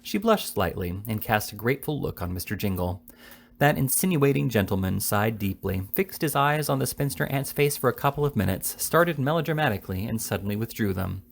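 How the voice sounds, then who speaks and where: Gravelly male reader of a classic novel. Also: mid-range voice, lively intonation, a little fast. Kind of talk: reading a classic novel aloud.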